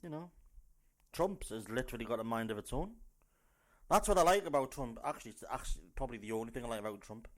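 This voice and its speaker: North east english bloke ranting about the news, loud and sweary, keeps rambling on. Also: male voice, mid-range voice, expressive, fast talker. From North East England. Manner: loud, sweary, rambling, jumps into silly put-on voices. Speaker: podcast host.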